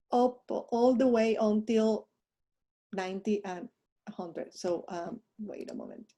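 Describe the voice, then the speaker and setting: Mellow-voiced woman teaching a lesson. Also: medium pitch, takes it slowly, gravelly. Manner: talks through a screen while fumbling with her mouse, chatty asides. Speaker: language teacher. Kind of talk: recorded online lesson with slides.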